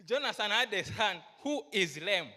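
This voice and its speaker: A woman preaching a sermon to a congregation, slow and emphatic, asking her listeners questions. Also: mid-range voice, lively intonation, sharp tone, in a large hall. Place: church hall.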